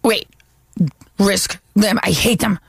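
A woman from the northeastern United States on a casual panel, animated and emphatic. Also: mid-range voice, takes it slowly, creaky, husky, no room sound, clean studio sound. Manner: animated, emphatic, laughs often. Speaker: panel guest.

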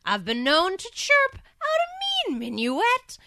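A woman voicing a chirpy canary in a high sing-song bird voice. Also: wildly swooping pitch, slow, bright, forceful tone, slight background noise, exaggerated voice. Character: chirpy German canary, sings minuets.

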